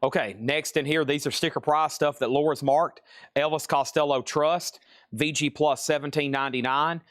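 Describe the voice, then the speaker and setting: A man's voice: fairly high pitch, steady tone, normal speed, fairly bright tone, dry recording, clean studio sound. A man hosting a live record sale, talking in a casual, rambling, chatty way. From Tennessee. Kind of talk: live sales stream.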